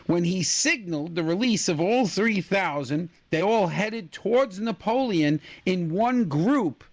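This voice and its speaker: A man's voice: high-pitched, unhurried, hardly any pauses. A man co-hosting a casual trivia radio show, joking around and telling stories with silly asides. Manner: jokey, animated, puts on silly voices. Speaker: co-host.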